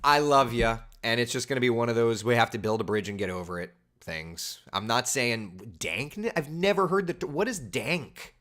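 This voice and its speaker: A man, chatting casually as a weather host and reading out viewer comments with animated, incredulous asides. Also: medium pitch, normal speed, few pauses. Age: 30s.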